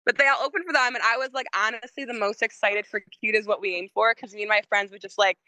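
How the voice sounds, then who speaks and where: Bright-voiced young woman, rambling chat. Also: medium pitch, fairly even intonation, fast, dry recording, poor audio. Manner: rambling, heavy use of "like", laughs often. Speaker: musician guest. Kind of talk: casual podcast chat.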